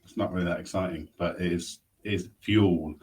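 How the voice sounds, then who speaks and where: A man's voice: low voice, fairly even intonation, fairly quick, a little mellow, a little hiss or hum. A man co-hosting a casual podcast, chatting loosely while finishing his lunch. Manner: chatty, munching through lunch while talking. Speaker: podcast co-host. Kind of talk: casual chat.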